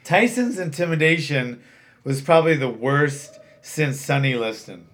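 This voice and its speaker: A man's voice: fairly high pitch, animated, measured pace, a bit bright. A man who runs a fight gym and coaches fighters, talking bluntly and swearing freely in casual chat.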